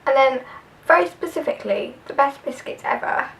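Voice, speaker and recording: A woman's voice: high voice, expressive, moderate pace, fairly bright tone, recorded from a distance, low-quality recording. A young woman with a southern English accent, chatting casually through a tag video with lots of fillers. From southern England. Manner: chatty, rambling, filler-heavy. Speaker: vlogger.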